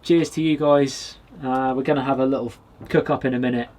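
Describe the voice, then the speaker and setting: A man from Britain vlogging from a small wood cabin with a stove, chatting in a relaxed way and talking straight to his viewers. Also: mid-range voice, brisk. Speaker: outdoors vlogger. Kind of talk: casual vlog to camera.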